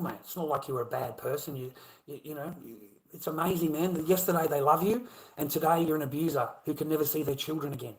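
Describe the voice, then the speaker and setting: An Australian man talking on a casual livestream, rambling, swearing freely and often trailing off into low mumbles. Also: darkish tone, low-quality recording.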